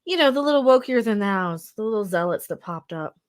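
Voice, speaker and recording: A woman's voice: mid-range voice, expressive, fairly quick. A woman co-hosting a podcast, chatting bluntly and with strong opinions. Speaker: podcast co-host. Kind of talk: casual commentary chat.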